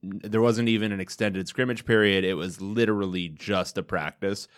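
A man's voice: lowish voice, fairly even intonation, moderate pace. A man in his thirties co-hosting a podcast in a studio, with dry, wry humor. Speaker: podcast co-host. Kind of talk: casual podcast chat.

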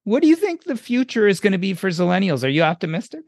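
A man's voice: high-pitched, big pitch swings, fast talker, no echo, clean studio sound. A man hosting a podcast interview, asking probing questions in a casual way. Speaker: podcast host.

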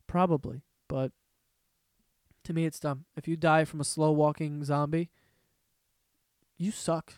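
A man's voice: fairly high pitch, fairly even intonation, a little slow, pauses often, darkish tone, smooth, no echo. A man hosting a casual solo podcast, ranting in a profane, rambling way from a room at home. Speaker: podcast host.

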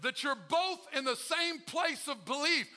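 A man's voice: very high voice, lively intonation, measured pace, sharp tone, raised voice. A male pastor preaching a sermon to his congregation, calling out to them and acting out the prayers he quotes. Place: church.

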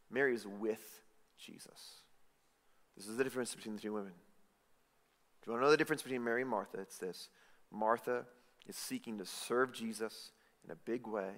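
A male pastor preaching a sermon, swinging between hushed lines and loud emphatic bursts, often stumbling and restarting words. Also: a little high. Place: church hall. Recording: long hall reverb.

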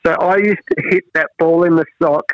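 A middle-aged Australian man in a relaxed interview, telling stories and acting out what others said. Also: fairly quick, no room sound. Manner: animated, acts out quoted voices with big pitch jumps. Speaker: national cricket head coach, guest. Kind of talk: casual storytelling interview. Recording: dry, dull lo-fi sound.

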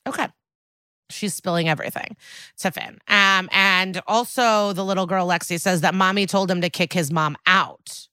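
Podcast co-host, woman: bright, dry close voice, chatty recap delivery. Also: on the low side, moderate pace, clean tone, no echo. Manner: chatty, quotes characters in lively bursts. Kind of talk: casual episode recap.

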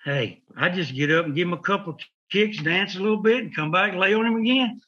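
A man's voice: sits high, fast, fairly bright tone, lo-fi sound. A man telling rambling stories in casual chat, acting out voices and sound effects. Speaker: wrestling podcast host telling stories.

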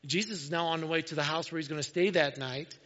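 A man preaching a sermon, retelling a gospel story in a casual, conversational way and often dropping to a soft, hushed voice. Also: on the high side, fast. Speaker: pastor. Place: church sanctuary. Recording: dull, lo-fi church recording with long hall reverb.

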